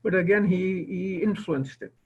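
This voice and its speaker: Over a video call, this older Indian-born guest speaker recounts a story from his own life, retelling remembered dialogue in others' words. He speaks at a moderate pace in a high-pitched, darkish voice with a breathy edge, and the recording's highs are cut off.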